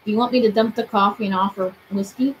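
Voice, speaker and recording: A woman's voice: medium pitch, steady tone, fast, slight background noise, rough recording. A woman in her twenties streaming from her bedroom, chatting casually and asking spirits questions aloud. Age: 20s. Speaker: paranormal streamer. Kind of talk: casual live-stream chat.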